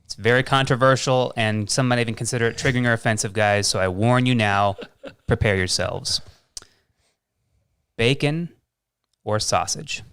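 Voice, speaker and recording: A man's voice: medium pitch, moderate pace, long pauses, a bit bright, clear, resonant tone, no room sound. A man chatting as a guest on a live stream, easygoing and joking. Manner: mild, joking, easygoing storyteller. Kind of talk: casual chat on a live stream.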